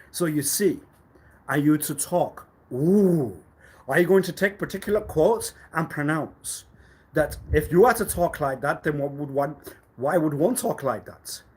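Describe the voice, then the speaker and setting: A man's voice: slow, breathy edge. Rambling, cryptic man on a live stream. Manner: rambling and cryptic, swinging between low mutters and loud bursts.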